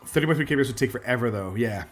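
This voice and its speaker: A man's voice: mid-range voice, animated, rapid-fire, faint music behind. A man streaming a strategy game, chatty and self-deprecating, thinking aloud as he plays. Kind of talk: live gameplay commentary.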